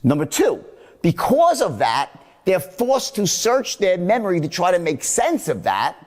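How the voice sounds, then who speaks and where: Blunt sales trainer, male, lively and fairly high-pitched, heard with a long hall reverb. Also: measured pace. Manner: demonstrates vocal tones, blunt and profane. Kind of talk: sales seminar talk.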